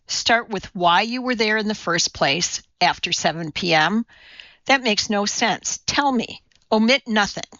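A woman's voice: mid-range voice, animated, measured pace, bright, forceful tone, no room sound, dull audio. A woman voicing a nervous, flustered middle-aged male TV producer who presses anxiously for answers.

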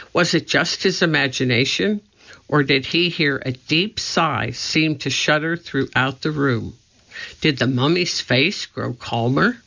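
A narrator reading a children's chapter book aloud in a slow, deliberate way. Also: medium pitch, vocal fry, pushed and bright. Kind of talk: storybook reading. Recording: muffled lo-fi recording.

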